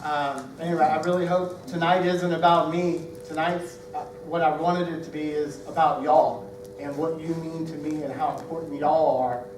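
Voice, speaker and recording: A Southern man from Georgia, probably in his forties, giving a heartfelt, halting retirement speech full of fillers and restarts. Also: on the high side, little pitch movement, background noise. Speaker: retiring Air Force senior master sergeant. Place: ceremony room. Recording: echoey room, speaker far from mic.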